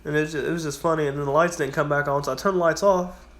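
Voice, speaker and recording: A man's voice: on the high side, steady tone, rapid-fire. A man who works at a gas station casually tells rambling work stories, swearing freely and acting out his customers. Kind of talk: casual storytelling vlog.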